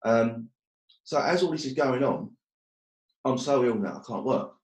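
A man's voice: medium pitch, a little slow, echoey room. A man telling his story as a guest, blunt and swearing often, joking about hard times. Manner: blunt, swears a lot, jokes about hardship. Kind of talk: casual storytelling.

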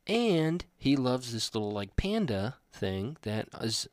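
A young adult man co-hosting a podcast, telling animated, rambling stories in casual chat. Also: mid-range voice, slow, no echo, studio quality. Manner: rambling, animated storytelling with restarts. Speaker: podcast co-host.

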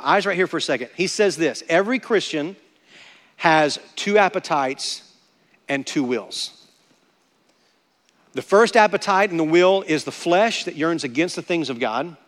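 A man's voice: a little high, expressive, a little fast, hardly any pauses, a bit bright, in a large hall. A man preaching a sermon as pastor, emphatic and repeating words for stress.

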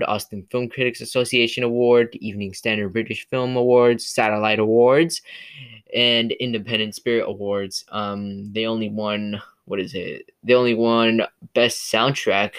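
A man's voice: lowish voice, clean tone. Rambling male podcast host. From California. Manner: rambling, many fillers and restarts. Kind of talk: casual solo movie review podcast.

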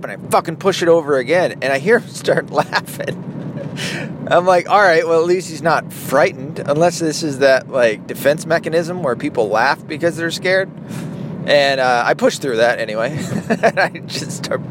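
Rambling, cussing man with street noise. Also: a little high. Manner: profane, rambling, laughs often through his story. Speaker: vlogger, father of an eight-year-old. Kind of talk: casual storytelling vlog. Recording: clear traffic and street noise.

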